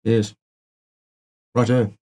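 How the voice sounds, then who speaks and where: A man's voice: lowish voice, level tone, extremely slow, warm tone. A man hosting a live Q&A chat, joking, sardonic and swearing freely. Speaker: show host.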